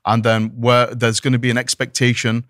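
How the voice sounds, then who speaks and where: A man's voice: mid-range voice, fairly quick, no echo, studio quality. A man, an imam, speaking earnestly as a podcast guest, often repeating words as he restarts his sentences. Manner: animated, many repeated restarts. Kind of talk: earnest conversational discussion.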